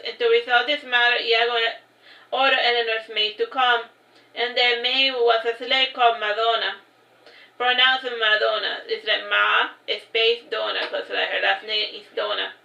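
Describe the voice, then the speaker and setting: Bright woman reading aloud in a roomy space. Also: a little high. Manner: reads straight on, adding casual asides. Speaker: narrator reading her own book. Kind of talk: livestream read-aloud of a novel. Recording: roomy, dull lo-fi stream audio.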